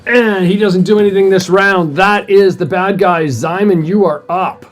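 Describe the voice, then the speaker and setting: A man serving as game master, narrating combat and voicing sound effects like "boom" and "whoosh". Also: steady tone, normal speed.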